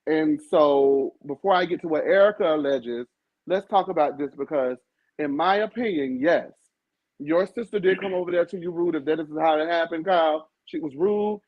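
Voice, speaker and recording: Sassy guy hosting a reality tv panel, kinda high voice, muffled lo-fi sound. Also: no echo. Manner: sassy, theatrical, quick comebacks. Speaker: panel host. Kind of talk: casual pop-culture review chat. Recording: dull lo-fi dry audio.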